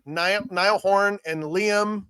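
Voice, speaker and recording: A man co-hosting a podcast in casual chat, excitable and gushing. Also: sits high, takes it slowly, clear, resonant tone, no echo. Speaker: podcast co-host.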